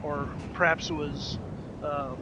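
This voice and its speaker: A man's voice: a little high, level tone, takes it slowly, lo-fi sound, very noisy. A man talking through a video game as he plays, chatty and wry, with lots of ums and uhs. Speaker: streamer. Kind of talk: let's play commentary.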